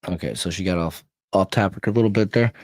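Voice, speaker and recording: A man's voice: low voice, fast talker, dry recording, clean studio sound. An American man hosting a political livestream podcast, talking bluntly and rambling, reading posts aloud with offhand asides. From United States. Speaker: podcast host. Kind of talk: casual political commentary livestream.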